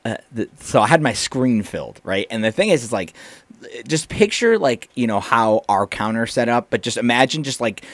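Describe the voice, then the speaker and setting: A young man chats about his work in fast food, acting out angry customers with a voice that rises and falls a lot. The sound is dry and close. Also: medium pitch, no room sound. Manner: animated storyteller acting out customers. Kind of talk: casual chat.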